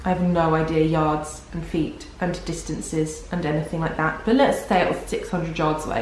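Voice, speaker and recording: A woman's voice: deep voice, fairly even intonation, normal speed, hardly any pauses, slight background noise. A young pregnant woman vlogging casually, rambling and self-deprecating, tired. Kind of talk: casual vlog chat. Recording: very echoey room.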